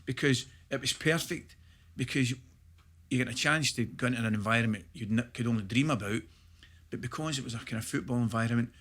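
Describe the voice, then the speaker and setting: A middle-aged Scottish man, a former footballer, chatting as a podcast guest and telling stories with animated laughter. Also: mid-range voice, a little fast. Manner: animated storyteller, laughs through his stories. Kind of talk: casual podcast chat, anecdote telling.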